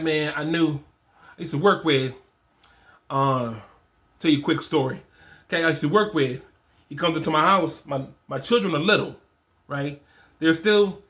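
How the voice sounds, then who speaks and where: A man's voice: on the high side, normal speed, pauses often, a bit bright. A man in his forties giving casual, emphatic motivational talk to other men, repeating his points with slang. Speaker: fatherhood and men's coach.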